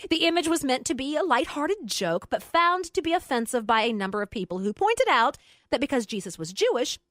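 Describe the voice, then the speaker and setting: A woman's voice: high-pitched, very animated, a little fast, a bit bright, dry recording, studio quality. A woman co-hosting a radio show, chatting casually and reading listener posts aloud with her own asides. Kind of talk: casual talk radio chat.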